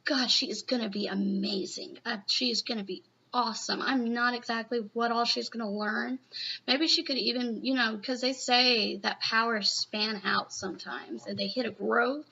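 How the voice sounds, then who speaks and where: A woman's voice: fairly high pitch, gravelly, pushed and bright, husky. A woman chatting casually in a live reaction video, rambling and gushing with lots of "you know.". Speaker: manga reaction vlogger. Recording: muffled lo-fi home recording.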